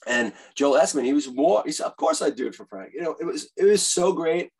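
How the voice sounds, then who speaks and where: A husky man, his voice sitting a bit high for a man. He tells eager stories in a casual interview and acts out what others said. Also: a little fast, rough recording. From Bronx, New York. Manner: animated, eager storyteller who acts out quotes. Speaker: guest author and musician.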